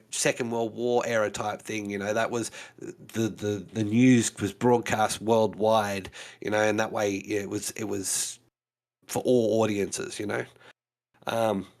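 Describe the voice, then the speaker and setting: A man's voice: lowish voice, creaky. A man co-hosting a casual podcast chat, explaining things at length and leaning on fillers like "you know". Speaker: co-host.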